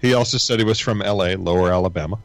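A man's voice: sits low, quick pace. A man in a casual group chat, recounting stories in a dry, matter-of-fact way.

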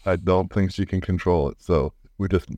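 A man's voice: low voice, steady tone, normal speed, mellow, dry recording. A man chatting casually as a podcast co-host, often stumbling and repeating his words. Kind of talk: casual chat.

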